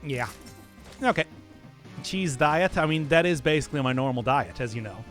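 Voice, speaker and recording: A man's voice: a little high, lively intonation, moderate pace, fairly bright tone, soft background music. A young man streaming a video game live, giving rambling, chatty commentary and laughing often.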